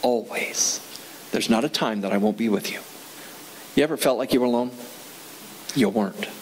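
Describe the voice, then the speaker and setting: A male pastor delivers a sermon in an easygoing, conversational way, pitched at an ordinary middle range. He keeps asking the congregation questions and repeats key phrases to drive them home. A faint hiss sits under his voice. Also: brisk, a little mellow, poor audio. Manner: conversational, asks the audience questions.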